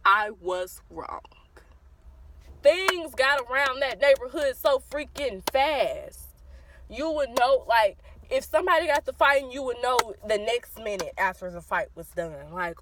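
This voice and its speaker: A woman with a Southern US accent telling a childhood story to her viewers in a casual, animated way, acting out the voices of the people in it. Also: on the high side, measured pace, a little hiss or hum, rough recording. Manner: animated, addresses viewers as y'all, acts out quoted voices.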